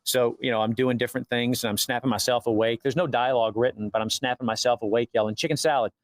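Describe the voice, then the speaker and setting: This man, an actor on a casual interview, speaks at medium pitch and a quick pace on a dry recording. He tells stories with animated energy, playing out the dialogue himself.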